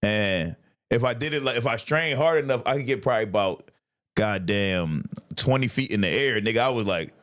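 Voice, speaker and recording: A man hosting a podcast, chatting casually and telling stories in a profane, animated way. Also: mid-range voice, moderate pace. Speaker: podcast host, comedian. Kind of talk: casual chat.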